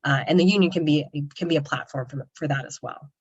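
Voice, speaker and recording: A woman's voice: deep voice, fast, breathy edge, dry recording, lo-fi sound. A woman giving an earnest webinar presentation on a video call, talking loosely with many "um" and "kind of" fillers. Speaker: co-op developer presenting.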